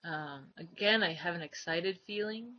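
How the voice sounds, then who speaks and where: A woman reading her own heartfelt letters aloud in a personal vlog, soft, earnest and reflective, her words often trailing off quietly. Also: lowish voice, unhurried, dull audio, a little hiss or hum. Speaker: vlogger.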